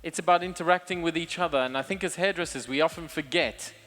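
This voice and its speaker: A man hairstylist giving a candid, relaxed speech to hairdressers from a show stage. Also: on the high side, quick pace, faint music behind. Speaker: session stylist and show presenter.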